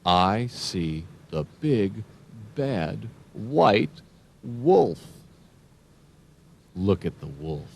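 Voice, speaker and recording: A man doing scripted narration for young children, speaking in a slow, sing-song, encouraging way and spelling words out letter by letter. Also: lowish voice, big pitch swings, creaky, darkish tone, husky.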